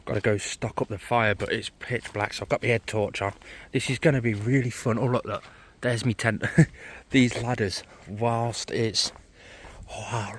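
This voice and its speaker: A man, chatting excitably to a handheld camera while vlogging outdoors in a forest at night. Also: medium pitch, slight background noise. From England. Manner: excitable, chatty, laughs often. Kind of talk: casual vlog narration.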